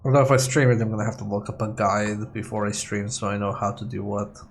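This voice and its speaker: A man's voice: lowish voice, flat delivery, quick pace, a little hiss or hum. A man streaming a video game, chatting casually and rambling with jokes as he plays. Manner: joking, rambling. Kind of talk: casual let's play chat.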